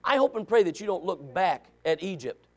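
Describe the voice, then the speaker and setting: A man gives a sermon as associate pastor, his voice sitting high for a man. He is folksy and quick to joke. He drops into low, quiet asides, then climbs to loud, shouted calls to his listeners. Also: big pitch swings. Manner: folksy, joking, with sudden dramatic emphasis.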